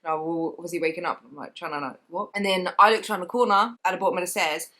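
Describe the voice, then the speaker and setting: A woman, telling a story to camera in a casual vlog and acting out the sounds and what people said. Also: on the low side. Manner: fast animated storytelling, acts out sounds and quotes. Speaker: vlogger.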